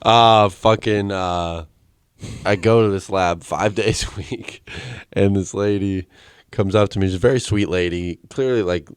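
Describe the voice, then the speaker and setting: A man's voice: low voice, a little slow, clear, resonant tone, no room sound, studio quality. A young man co-hosting a podcast, telling a rambling story in casual chat, swearing and laughing often. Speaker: podcast co-host.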